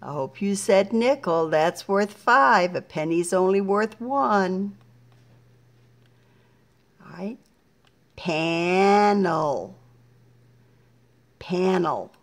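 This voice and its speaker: A middle-aged woman teaching a patient, slow phonics lesson to young children, splitting each word into syllables. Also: mid-range voice, expressive.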